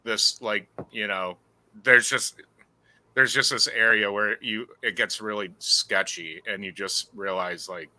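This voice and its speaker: Male podcast co-host with a piercing, bright tone and an easygoing, joking manner. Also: lowish voice, a little slow, dry recording, low-quality recording. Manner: relaxed, joking asides. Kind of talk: casual chat.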